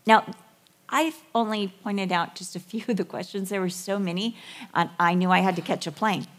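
Animated woman preaching with acted dialogue. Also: mid-range voice, moderate pace. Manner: animated storytelling, acting out voices and whispers. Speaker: women's ministry speaker. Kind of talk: sermon with acted-out Bible dialogue.

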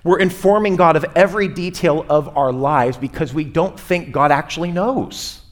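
A man preaching a sermon to his church in a conversational way, rising and falling in pitch and loudness as he makes his points. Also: normal speed. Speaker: pastor. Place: church sanctuary.

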